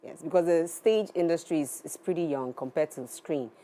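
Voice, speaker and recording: A woman's voice: low voice, brisk, warm tone. A woman, an actress guest giving earnest advice in an interview. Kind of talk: interview answers. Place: TV studio.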